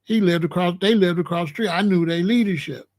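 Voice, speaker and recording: High-voiced man from Chicago telling stories. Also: brisk. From Chicago, USA. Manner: animated, slangy, acts out the other people's lines. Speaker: show host. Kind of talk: casual storytelling monologue.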